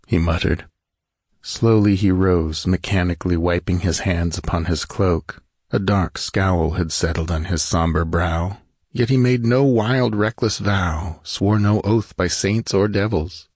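A man reading an adventure story aloud as narrator in a measured, steady way. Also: sits low, slightly rough, dry recording, clean studio sound. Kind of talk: scripted audiobook narration.

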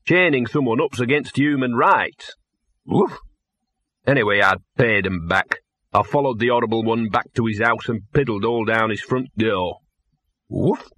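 A man voicing a scruffy, cynical, drunken little male dog in a gruff, hoarse voice, grumbling and lecturing at a slow pace. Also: mid-range voice, fairly bright tone, dry recording, natural voice. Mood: hoarse whisper. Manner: grumbling, self-pitying, lecturing.

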